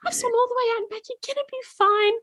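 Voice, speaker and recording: A woman putting on the high, soothing voice of a kindly retired old woman. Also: fairly even intonation, fast talker, pushed and bright. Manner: soothing, motherly.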